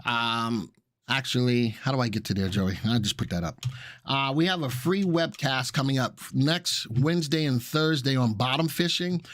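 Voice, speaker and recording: A man's voice: medium pitch, normal speed, a bit bright, dry recording. Guy hosting a live stream, chatty, lots of uhs, dry sound. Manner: chatty, upbeat, many fillers. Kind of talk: casual live stream talk.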